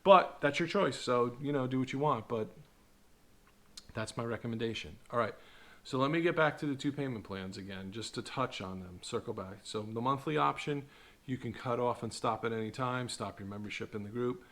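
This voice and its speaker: A middle-aged man giving casual talking-head commentary, animated and sarcastic, tagging "right?" onto his points. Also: medium pitch, normal speed. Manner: animated, sarcastic, mocks marketers in put-on voices; repeats "right?" to the viewer. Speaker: online video host.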